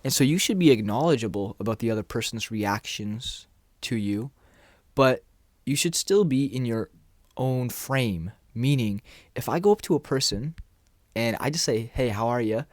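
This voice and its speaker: Man giving relaxed dating advice, dry sound. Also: medium pitch, normal speed, no room sound. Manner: relaxed, conversational, acts out little dialogues. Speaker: dating and confidence coach. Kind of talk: casual talking-head advice.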